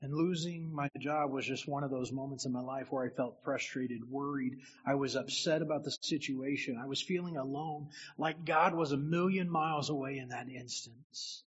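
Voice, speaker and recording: A man's voice: medium pitch, moderate pace, hardly any pauses, husky, muffled recording. A man who is a minister, giving a sermon as a personal story and speaking directly to the people in the room.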